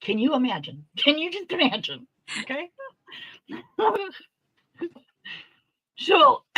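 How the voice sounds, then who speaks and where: A woman's voice: fairly high pitch, no echo, dull audio. A middle-aged woman hosting a casual chat, telling a story with lots of laughter and free swearing. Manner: animated, laughing often, swearing freely. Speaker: host.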